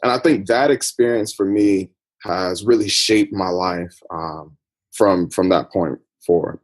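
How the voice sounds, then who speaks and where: Husky-voiced man telling his story. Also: sits low, a little slow. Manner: reflective, personal storytelling with frequent fillers. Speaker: podcast guest. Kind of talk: interview storytelling.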